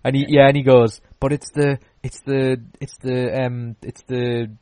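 A man's voice: medium pitch, flat delivery, a little slow, warm tone, no room sound. A man in casual chat, telling a long story with many fillers and restarts.

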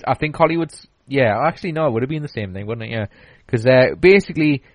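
A man chats casually as a podcast host, wandering through his story with fillers and false starts. His voice sits at a middling pitch. The sound is dry and close. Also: animated, fast talker, no echo, poor audio. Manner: rambling, many restarts and fillers. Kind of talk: casual chat.

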